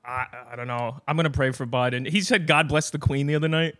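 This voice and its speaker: A man's voice: on the high side, steady tone, fast talker, a bit bright. A man who is a guest on a podcast, trading crude, teasing banter in casual chat.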